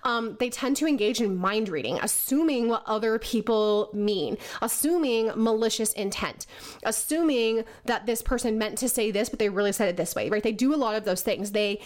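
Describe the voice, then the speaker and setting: A woman's voice: fairly high pitch, moderate pace, darkish tone. A woman talking casually to camera as a coach, explaining with lots of fillers and "right?" tags, while she has the hiccups.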